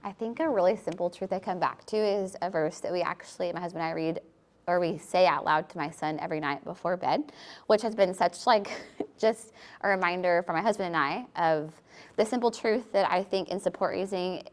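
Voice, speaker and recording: A woman with a slightly low voice, speaking on a faith panel. She talks in a chatty, devotional way, with lots of "like" fillers as she shares a verse that matters to her. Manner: warm, chatty, many "like" fillers, quick little laughs. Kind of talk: personal devotional sharing on a panel.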